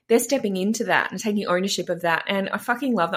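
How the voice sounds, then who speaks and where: Forceful tough-love woman business coach. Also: medium pitch, fast talker, hardly any pauses. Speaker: business coach, podcast co-host. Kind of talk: casual podcast rant.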